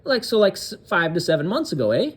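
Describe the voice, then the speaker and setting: A man with a somewhat high voice reads a news story aloud in a loose, halting way and keeps stopping for crude, sarcastic, profane asides. His reading is casual and unpolished. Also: big pitch swings, breathy edge. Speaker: political commentary host.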